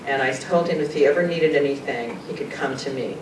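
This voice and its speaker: Woman telling a story, echoey and distant. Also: brisk. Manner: earnest, conversational, often laughs and quotes people. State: emotional, choking up at times. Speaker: guest speaker sharing personal experiences. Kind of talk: personal storytelling talk. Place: meeting room at a talk. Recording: far-off echoey room with rumble.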